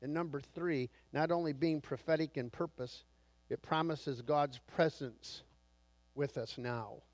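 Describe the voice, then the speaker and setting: A man's voice: a little high, a little slow, dry recording. A man preaching a sermon as pastor, telling a long story with quoted dialogue before laying out numbered points.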